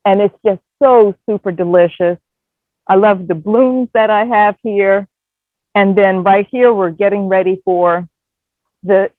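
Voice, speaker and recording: A woman's voice: medium pitch, no echo. A woman gushing about her garden in a casual testimonial on a video call. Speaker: garden tour guest. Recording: tinny phone-line sound, dry.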